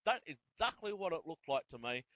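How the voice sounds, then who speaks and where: A man hosts an interview in long, chatty, run-on turns, his voice fairly high. The sound is dry and thin, like a phone line. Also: big pitch swings, a little fast, dry recording. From Australia. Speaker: interview host. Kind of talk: casual interview talk. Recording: tinny phone-line audio.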